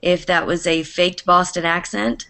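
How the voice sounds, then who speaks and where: A woman's voice: fairly low pitch, fairly even intonation, a little slow, gravelly, pushed and bright. Woman from New England giving feedback. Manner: thoughtful, hesitant with many ums. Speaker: drama teacher and director. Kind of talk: casual video call discussion. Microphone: video call.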